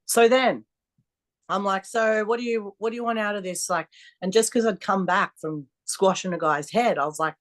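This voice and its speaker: A strongwoman athlete, here as a podcast guest, speaks at normal speed in a mid-range voice. She's a lively storyteller, blunt and freely profane as she chats through a casual interview.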